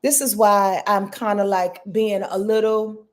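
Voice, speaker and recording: A woman in her fifties, an astrologer hosting a live reading, talking in a rambling, heartfelt, expressive way. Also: medium pitch, a little slow. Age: 50s. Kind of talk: casual live talk.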